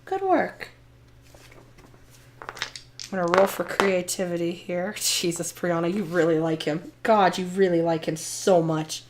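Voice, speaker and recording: A woman's voice: lowish voice, level tone, moderate pace, noisy background. Chatty woman playing a tabletop game. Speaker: player.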